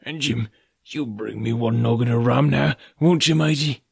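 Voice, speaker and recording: A man reading an audiobook voices an old, sick sea captain who talks like a salty sailor, cursing and wheedling in a gravelly, raspy voice. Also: medium pitch, moderate pace, no echo, studio quality. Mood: pleading. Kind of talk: audiobook character voice.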